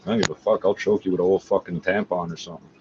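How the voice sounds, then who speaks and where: A man with a lowish voice rants on and on, swearing and agitated, and drifts from point to point as an internet radio host. The recording is dull and lo-fi, with a faint hiss of background noise. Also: fairly even intonation, very fast. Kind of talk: profane rambling monologue.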